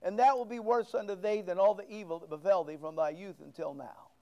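A man's voice: high voice, fairly even intonation, a little fast, gravelly, mellow. A middle-aged man pastor preaching a sermon, quoting scripture with big swings of emphasis.

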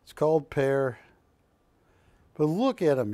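A man's voice: a little high, expressive, takes it slowly, a little mellow, no echo. A man hosting a live shopping-channel art auction, calling bids with joking, teasing banter from a TV studio.

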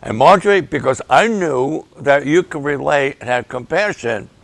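An older man, a pastor, giving an emotional, halting update and prayers for his ministry partners. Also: fairly high pitch, expressive, no echo. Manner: emotional, halting, slow and gravelly.

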